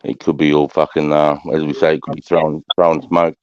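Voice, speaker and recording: A man's voice: extremely low pitch, level tone, a little fast, smooth, no echo, muffled recording. A man with an Australian accent, ranting in a casual live chat and swearing heavily. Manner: swearing, ranting, heats up into loud outbursts.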